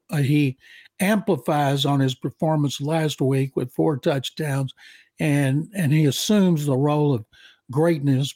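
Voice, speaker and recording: A man's voice: on the high side, darkish tone, no echo. An older man co-hosting a sports podcast, giving football analysis in a rambling way with many fillers. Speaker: veteran football writer, co-host.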